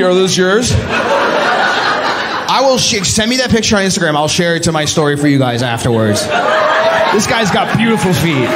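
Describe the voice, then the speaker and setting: Man, stand-up comedian, crowd work, teasing, very animated pitch, noisy club. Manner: teasing, animated, laughing at own jokes. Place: comedy club stage with live audience. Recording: loud audience laughter and room noise. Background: crowd laughter.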